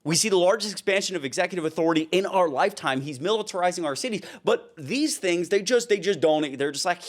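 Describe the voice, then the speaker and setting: A man's voice: high-pitched, expressive, fast talker, few pauses. A young man giving heated, casual political commentary, worked up and ranting.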